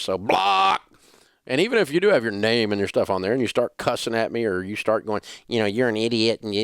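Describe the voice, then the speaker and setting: A man's voice: fairly low pitch, creaky, no echo. A middle-aged man with a Southern US accent, hosting a radio show in blunt, joking, dismissive banter on a studio microphone. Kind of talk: casual talk radio banter.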